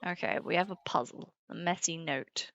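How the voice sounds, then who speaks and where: A woman's voice: fairly low pitch, moderate pace, vocal fry, a bit bright, no room sound. A young British woman streaming a puzzle game, chatting casually, swearing freely and laughing along with her chat. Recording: slightly dull sound with faint game music.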